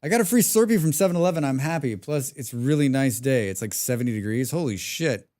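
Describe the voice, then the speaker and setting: A young man commenting live on a survival game, excitable, talking to himself, humming and swearing between moves. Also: mid-range voice, fast. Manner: excitable, talks to himself, hums and mutters while playing; swears often. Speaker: streamer.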